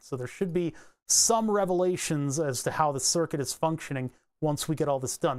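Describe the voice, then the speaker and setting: A man giving a casual electronics tutorial, thinking aloud as he traces a circuit board, rambling and joking and grumbling wryly about his software. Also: fairly high pitch. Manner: rambling, joking, mutters while drawing. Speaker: electronics hobbyist explaining circuit tracing.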